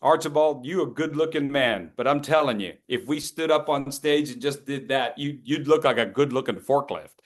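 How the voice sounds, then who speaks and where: A man's voice: mid-range voice, moderate pace, hardly any pauses. A man in his fifties presenting a public speaking workshop, playful and encouraging as he calls on people by name. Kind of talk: lively interactive workshop coaching.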